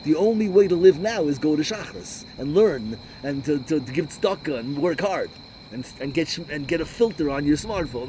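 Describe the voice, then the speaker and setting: A rabbi preaching an animated sermon, sprinkling Hebrew and Yiddish terms through his English. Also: on the high side, moderate pace, a little hiss or hum, poor audio.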